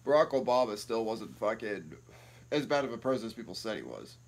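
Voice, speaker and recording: A man's voice: fairly low pitch, animated, fairly quick, gravelly. A young man telling rambling, profane stories to camera at home, without an external mic. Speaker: YouTube vlogger. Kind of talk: casual storytelling to camera. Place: at home, no ring light set up. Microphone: built-in camera mic, no external mic.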